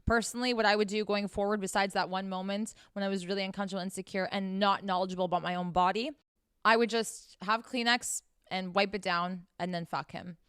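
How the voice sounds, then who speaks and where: A woman's voice: medium pitch, fairly even intonation, fairly quick, fairly bright tone, clean tone, no room sound, studio quality. Brash, profane young woman giving advice. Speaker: podcast host giving sex advice. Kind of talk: blunt advice monologue.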